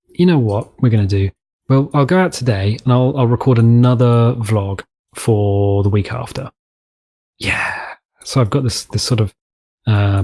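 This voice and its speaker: A man's voice: medium pitch, darkish tone, breathy edge. A man from the United Kingdom hosting a let's play, chatting casually and rambling through gameplay commentary with frequent restarts.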